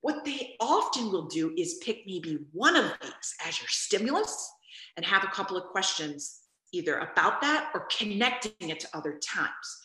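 A woman teaching an online history review lesson in an animated, chatty way, with many asides and questions to students. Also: mid-range voice, moderate pace, echoey room, poor audio.

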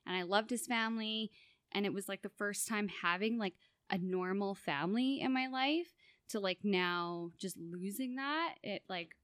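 A woman's voice: medium pitch, a bit bright, clear, resonant tone, dry recording, clean studio sound. A young woman co-hosting a podcast, speaking candidly and reflectively in casual chat, with many fillers. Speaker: podcast co-host.

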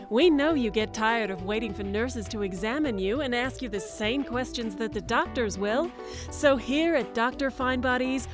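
A woman voicing a brash, pushy pitchwoman in a comedy radio ad, with a loud, mocking hard-sell delivery and an American accent. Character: brash pushy woman pitching shady back-alley clinic.

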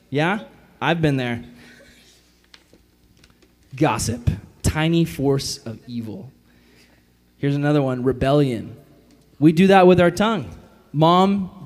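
A man's voice: on the high side, normal speed. A man preaching a casual youth sermon as pastor to a group of kids, joking and acting out quotes in funny voices. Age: adult. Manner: animated, jokey, acts out quotes in funny voices.

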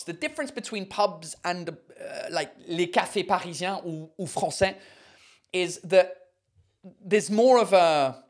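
A man hosting a casual livestream chat, rambling with many fillers and swearing freely. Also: high-pitched. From United Kingdom. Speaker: host.

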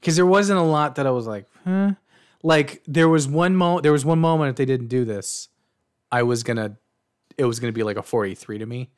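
Excitable young man reviewing a movie. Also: medium pitch, a little fast. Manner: animated, swearing, retells scenes with quoted lines. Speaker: podcast co-host. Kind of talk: casual movie review chat.

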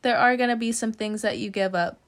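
A woman's voice: a little high, brisk. A woman giving a casual tarot reading, chatty, with many "you know" fillers, frequent little laughs and casual swearing. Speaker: tarot reader.

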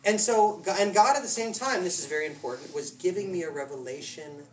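A man's voice: high-pitched, brisk. A man preaching a casual sermon, telling stories with laughs and voiced asides. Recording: roomy hall from a distant mic with noise.

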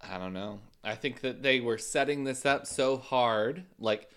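A man's voice: mid-range voice, measured pace, fairly bright tone, clear, resonant tone. A man in casual chat recapping a show, opinionated and jokey.

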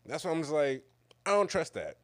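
A man's voice: fairly high pitch, big pitch swings, a little fast, fairly bright tone, dry recording. A man, co-hosting a casual chat and telling rambling stories with lots of laughter. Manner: laughing, rambling, loose storytelling. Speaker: podcast co-host.

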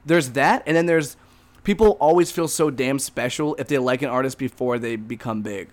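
A man co-hosting a podcast, his voice sitting at a middling pitch. He jokes around, then launches into animated rants in a loose, casual way. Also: normal speed. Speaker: podcast co-host.

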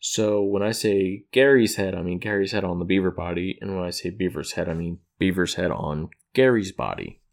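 A man with a somewhat low voice retells a plot in a loose, unscripted way. He rambles, corrects his own slips, and chuckles at what he is describing. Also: moderate pace, vocal fry, hardly any pauses. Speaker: episode recapper. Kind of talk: casual plot recap.

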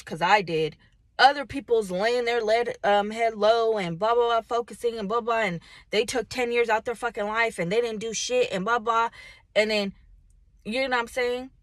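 A woman's voice: fairly high pitch, no echo. A young woman vlogger talking casually and bluntly to her viewers, swearing a lot and giving motivational advice after a workout. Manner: blunt and profane, heavy slang.

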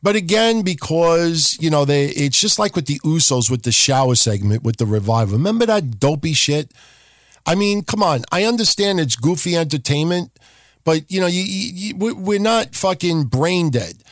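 A man's voice: on the high side, lively intonation, moderate pace, no room sound, clean studio sound. A man hosting a podcast, ranting casually and sarcastically with constant swearing and mocking impressions. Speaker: podcast host. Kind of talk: casual rant.

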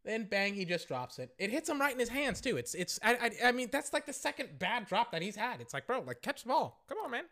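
A young man hosting a casual podcast, giving play-by-play commentary on a game with slangy, excitable reactions, his voice going hoarse. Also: extremely high pitch, fairly quick, hardly any pauses. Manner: excitable, shouting at big plays, slangy. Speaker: podcast host.

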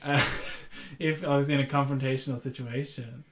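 Twenties man, podcast guest; halting, word-searching chat in a roomy, echoey space. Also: medium pitch, fairly even intonation, noisy background. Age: 20s. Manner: hesitant, searching for words. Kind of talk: casual chat. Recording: roomy echo.

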